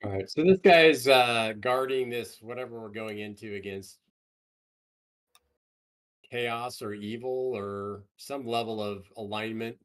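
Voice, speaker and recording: A man's voice: medium pitch, measured pace, fairly bright tone, smooth. A man playing a tabletop game, asking the game master direct questions about the scene. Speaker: player.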